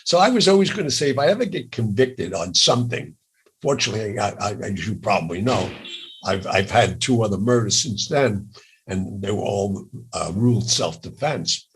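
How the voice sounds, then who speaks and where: An older man with a raspy voice, telling lively jokey stories as an interview guest. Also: on the low side, normal speed. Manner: animated, jokey, laughs through stories. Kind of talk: storytelling in a casual interview.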